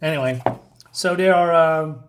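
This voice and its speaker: A man's voice: on the high side, unhurried. Chatty man who laughs a lot. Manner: chatty, laughs often, retells scenes in quoted voices. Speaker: comic book reviewer. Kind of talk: casual comic review vlog.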